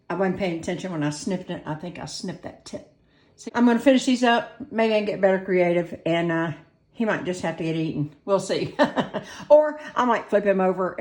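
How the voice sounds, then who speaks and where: Chatty woman in an echoey kitchen. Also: fairly low pitch. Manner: chatty, self-deprecating, talks while working. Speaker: home cooking host. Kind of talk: casual cooking demonstration. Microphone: camera on a tripod. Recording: echoey room.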